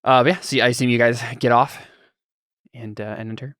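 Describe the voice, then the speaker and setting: A man's voice: medium pitch, fairly even intonation, brisk, a bit bright, no echo. Rambling male game master, dry sound. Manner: rambling, searching for words as he describes. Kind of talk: narrating a tabletop game.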